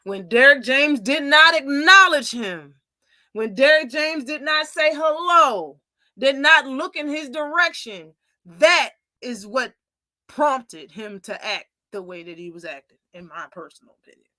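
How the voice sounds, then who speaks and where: A young adult woman hosts a casual live commentary show, sounding opinionated and animated as she acts out the lines she quotes. Her voice sits high and unhurried, with no echo.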